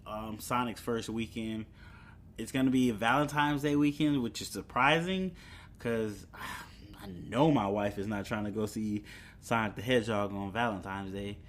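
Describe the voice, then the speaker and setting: A young man hosting a solo podcast, chatting casually about movie news with fillers and chuckles. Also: medium pitch. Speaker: podcast host.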